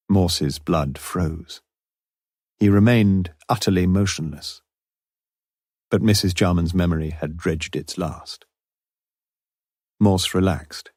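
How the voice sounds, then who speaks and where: Male audiobook narrator, very low and husky, measured delivery, dry booth sound. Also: a little mellow, no echo. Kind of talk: scripted narration.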